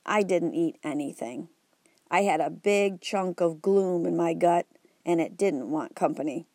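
A woman narrating an audiobook in a wry, even storytelling way. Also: lowish voice, measured pace, dry recording, clean studio sound.

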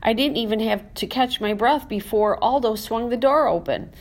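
A woman narrating a children's storybook in first person as a classroom pet, reading in an animated, expressive way. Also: on the high side, moderate pace. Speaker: audiobook narrator.

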